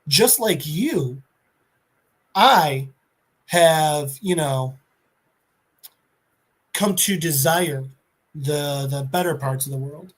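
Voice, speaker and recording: A smug, scheming dealmaker, put on by a man retelling a comic, boasting and wheedling. His pitch climbs high and swings wide as he sells his offer. He tosses off his lines in a slick, teasing way. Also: lively intonation, very slow, pauses often, exaggerated voice. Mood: boastful.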